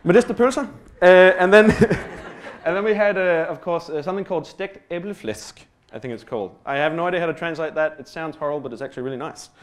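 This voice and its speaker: Man, slightly high voice. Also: fairly quick, few pauses. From Australia. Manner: self-deprecating, joking asides, casual swearing; rambling with many fillers and restarts. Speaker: speaker giving a stage talk. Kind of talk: humorous personal storytelling.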